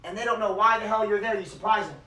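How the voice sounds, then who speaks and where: Motivational speaker, male, high voice, hype delivery with hushed emotional dips, miked from a distance in a reverberant hall. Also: fairly even intonation, quick pace, slight background noise. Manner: hype, swings from shouting to hushed emotional tones. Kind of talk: motivational speech with guided visualization.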